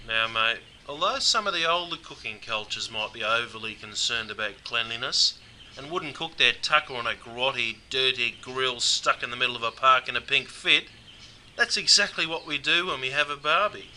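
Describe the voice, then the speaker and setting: A man's voice: medium pitch, moderate pace, sharp tone, slight background noise. A man with an Australian accent presenting a humorous scripted slang lesson, laid-back and calling the listener "mate" over and over.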